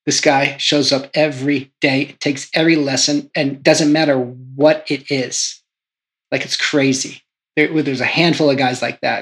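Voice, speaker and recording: A man's voice: medium pitch, a bit bright. A man from the snowboard school giving casual, enthusiastic praise for a coworker. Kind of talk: interview tribute.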